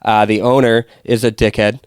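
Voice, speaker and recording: A man from Boston, a guest comedian, telling stories on a casual podcast in a rambling, deadpan way with lots of fillers. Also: lowish voice, moderate pace, clean tone, no room sound, clean studio sound.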